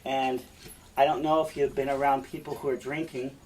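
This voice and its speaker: A man's voice: mid-range voice, level tone, moderate pace, a little hiss or hum. A man teaching, chatting casually about a play he is reading to students, with asides, heard from a distance off the mic.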